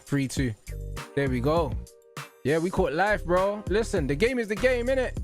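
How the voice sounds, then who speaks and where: A man's voice: high-pitched, animated, moderate pace, faint music behind. A man, co-hosting a podcast and reacting to a match in casual, exasperated slang. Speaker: podcast co-host.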